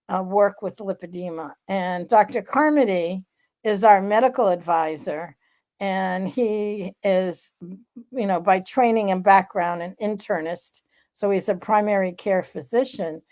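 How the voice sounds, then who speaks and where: A woman co-hosting a candid podcast conversation, explaining in a measured, deliberate way with frequent fillers. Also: mid-range voice, darkish tone. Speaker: podcast co-host, researcher.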